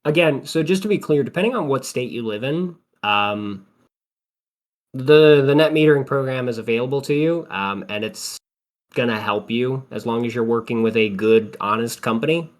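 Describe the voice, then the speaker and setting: A young man from Illinois co-hosting a casual podcast chat, animated when telling stories and explaining details. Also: medium pitch, moderate pace. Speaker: podcast co-host.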